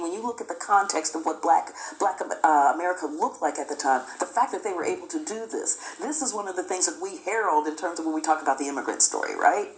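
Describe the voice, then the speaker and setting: A woman's voice: on the low side, roomy sound, poor audio. A woman giving an emphatic history lecture, repeating phrases for weight and acting out quotes.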